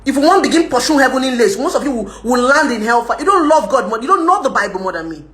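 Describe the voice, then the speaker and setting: A woman's voice: high voice, very animated, fast, a bit bright, roomy sound. A young woman with a Nigerian accent, ranting and scolding viewers on a live video. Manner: scolding, combative, switches into Pidgin, laughs often. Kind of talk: ranting live-stream chat.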